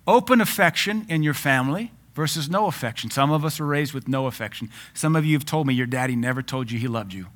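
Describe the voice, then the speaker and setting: In his forties, this pastor delivers a sermon in a mid-pitched, conversational voice. He preaches in a lively, joking manner, laughing often as he makes his points, and he talks fast with hardly any pauses.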